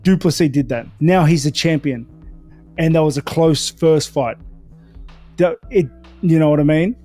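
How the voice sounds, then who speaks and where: A man with a higher voice makes his case in casual talk. He keeps checking that his listener follows him, with faint music behind. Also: normal speed, mellow. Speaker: fighter giving a prediction. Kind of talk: casual conversational prediction.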